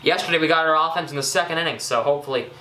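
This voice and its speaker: Excitable young man narrating his gameplay. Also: fairly high pitch, very fast, roomy sound, a little hiss or hum. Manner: chatty, excitable, self-critical with frequent ums and uhs. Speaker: gaming YouTuber. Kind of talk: casual gameplay commentary.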